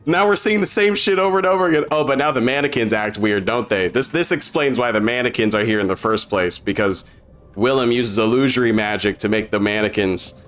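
A young man giving excitable, profane reaction commentary on a game trailer, often incredulous. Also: mid-range voice, a little fast, a little hiss or hum.

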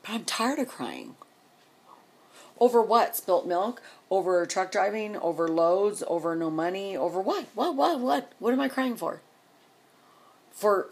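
Husky, exasperated woman ranting. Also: fairly low pitch. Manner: exasperated, rhetorical questions, repeats herself. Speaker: vlogger. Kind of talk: emotional rant to camera.

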